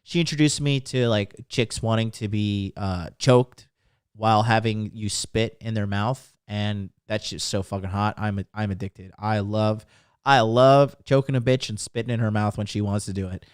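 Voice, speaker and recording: A man's voice: on the low side, steady tone, normal speed, clear, resonant tone, dry recording, clean studio sound. A man hosting a live-streamed dating talk, telling stories in a crude, blunt, profane way. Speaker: dating coach host. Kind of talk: live-streamed casual monologue.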